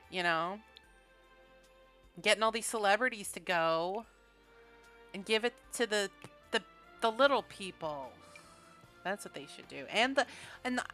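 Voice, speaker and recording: A woman's voice: medium pitch, pushed and bright. A woman chatting casually and rambling, laughing often as she builds in a video game. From Canada. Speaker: gaming streamer.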